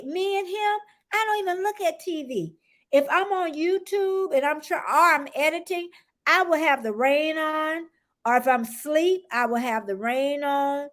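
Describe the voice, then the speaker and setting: High-voiced chatty American woman streaming live. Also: a bit bright. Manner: rambling, chatty, greets viewers by name; laughs often. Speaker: livestream host. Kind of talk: casual live-stream chat.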